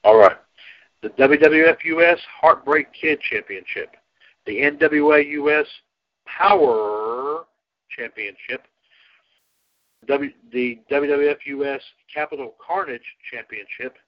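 A man's voice: mid-range voice, unhurried. Rambling lo-fi radio show host, man. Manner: rambling, restarts often, laughs easily. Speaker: podcast host. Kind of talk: casual radio show chat. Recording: muffled lo-fi internet radio.

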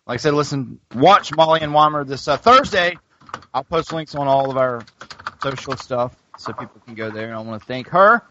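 A man's voice: medium pitch, moderate pace, pushed and bright, slight background noise. A man hosting a podcast in casual chat, rambling with many fillers and restarts. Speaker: podcast host. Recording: dull lo-fi podcast audio.

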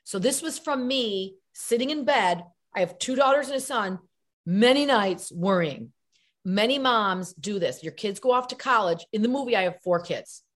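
A middle-aged woman, an actress and comedian, chatting as an interview guest and acting out quotes in voices. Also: medium pitch. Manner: animated storyteller, acts out quotes in voices.

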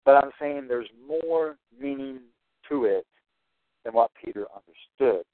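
Teaching a Bible passage one verse at a time, this man speaks in a mid-range voice at a slightly slow pace, hammering home his main points through emphasis and repetition. The recording is dry and tinny, like a phone.

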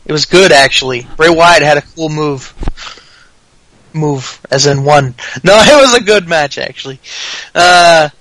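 A man's voice: a little high, measured pace, a bit bright, low-quality recording. A man with a Southern US accent co-hosting a podcast, recapping wrestling in a sarcastic, profane way. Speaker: podcast co-host. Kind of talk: casual chat.

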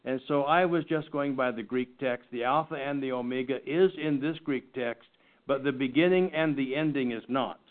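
A man teaching a Bible study class in an earnest, halting way, often restarting his sentences. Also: mid-range voice. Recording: tinny phone-like recording.

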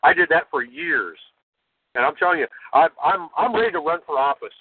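Older guy ranting on a call-in show, high lively voice, sounds like a phone line. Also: fairly quick, slightly rough, no room sound. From United States. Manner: forceful, preachy, keeps adding "okay?". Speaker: guest.

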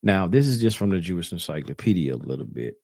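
A man hosts talk radio in a low voice, lecturing his listeners like a street preacher. He calls them brothers and sisters and keeps circling back over his own words. The sound is dry and close. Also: sing-song, fast, creaky, warm tone, dry recording. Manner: loose, repeats and restarts phrases.

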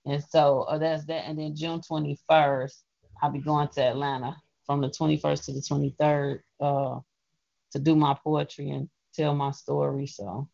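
A woman hosting a casual radio talk show, telling her news in an animated, emphatic way. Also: low voice, moderate pace, gravelly, no room sound. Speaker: poet and show host. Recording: dull, lo-fi call-in audio.

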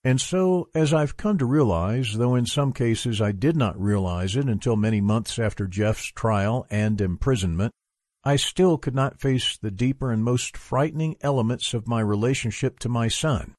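A man reading a memoir aloud for a book club, at a measured, even pace. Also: medium pitch, no room sound, clean studio sound.

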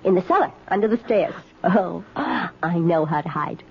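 A woman's voice: on the low side, animated, moderate pace. An actress playing a brazen young woman who moves into people's houses, taunting and sing-song, in 1970s radio drama style, on a dull, hissy old broadcast recording. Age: young adult. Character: brazen young woman squatter, mocking and menacing.

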